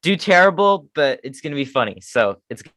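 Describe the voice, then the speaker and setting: A man's voice: a little high, very animated, fairly quick, fairly bright tone, no room sound. A man co-hosting a fan podcast, talking eagerly and making fun of his own attempts. The sound is close and dry, with no room around it. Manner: enthusiastic fan talk, self-deprecating. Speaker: podcast co-host. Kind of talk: casual chat.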